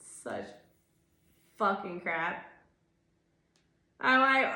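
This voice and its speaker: A woman's voice: mid-range voice, drawn-out words, pauses often, sharp tone. A woman in her thirties giving a casual tarot reading, ranting in a rambling, exasperated way, swearing often and filling her talk with "like". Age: 30s. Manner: rambling, exasperated and profane, full of "like". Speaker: tarot reader. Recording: echoey room.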